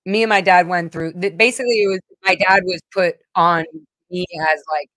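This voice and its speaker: A woman's voice: on the low side, normal speed, a bit bright, no echo, poor audio. A woman hosting her own vlog, telling a personal story in a rambling, emotional way with many fillers and restarts. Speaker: vlog host.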